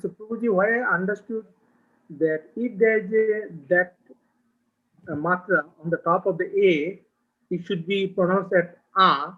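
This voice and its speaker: A man's voice: sits high, unhurried, narrow, tinny audio. A man in an online class, hesitantly asking questions to check his understanding. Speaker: student. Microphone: video call.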